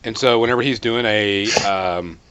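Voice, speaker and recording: A man's voice: fairly low pitch, moderate pace, a bit bright, smooth. A man co-hosting a casual hobby podcast, chatting about painting. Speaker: podcast co-host. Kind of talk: casual chat.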